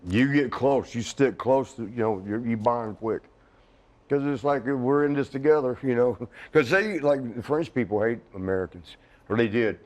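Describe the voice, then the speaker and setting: A man's voice: mid-range voice, moderate pace, a little mellow. Rambling middle-aged man in a shoot interview. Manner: rambling, restarts often, laughs at his own jokes. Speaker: interview guest, retired wrestler. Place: studio.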